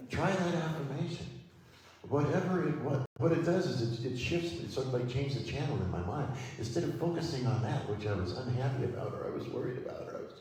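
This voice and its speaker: A man preaching a sermon at a spiritual center, speaking slowly and gently with many pauses as he leads affirmations. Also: medium pitch, slight background noise. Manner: slow, gentle, pausing preacher leading affirmations. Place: church hall. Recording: echoey hall, mic from far off.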